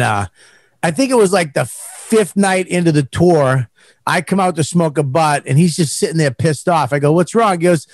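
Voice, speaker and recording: A man's voice: a little high, no echo. A man hosting a podcast, telling crude stories in a laid-back way. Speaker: podcast host. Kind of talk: casual podcast chat.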